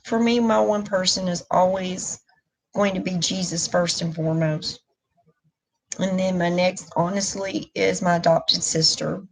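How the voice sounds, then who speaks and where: A woman's voice: fairly low pitch, fairly even intonation, a little slow, vocal fry, low-quality recording. A middle-aged woman, talking openly and emotionally in a rambling live stream chat. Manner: candid, emotional, rambling with restarts. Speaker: vlogger.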